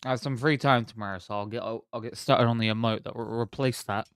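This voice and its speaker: A man's voice: mid-range voice, fast talker. Rambling streamer with a sweet in his mouth. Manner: relaxed, rambling, self-chatting. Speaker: game streamer. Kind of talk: casual live-stream chat.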